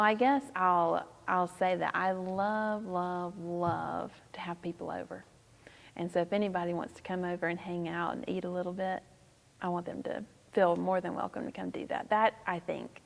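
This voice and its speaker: A woman in her thirties with a Southern accent, a pastor answering interview questions in a soft-spoken, thoughtful way with frequent laughter. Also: fairly low pitch, gravelly, in a large hall. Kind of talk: casual interview.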